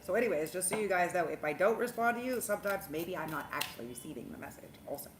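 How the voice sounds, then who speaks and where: A woman's voice: fairly low pitch, fast talker. Rambling, profane woman livestreaming. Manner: rambling, profane, animated, laughs often. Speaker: spiritual livestream host, tarot reader. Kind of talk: casual livestream chat. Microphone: phone. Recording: roomy echo, faint background hum.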